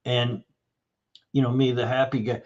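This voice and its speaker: A man telling a clinic story on a podcast, acting out the lines of the people in it. His voice sits at a middle pitch, and the recording sounds a bit dull and lo-fi. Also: normal speed. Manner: animated storyteller acting out dialogue. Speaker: guest, nutrition practitioner. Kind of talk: storytelling interview answer.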